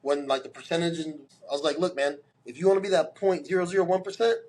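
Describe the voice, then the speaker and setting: Male podcast guest, forties, lively storyteller voicing his characters, slightly high speaking voice. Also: fast. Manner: animated storyteller, acts out quoted dialogue.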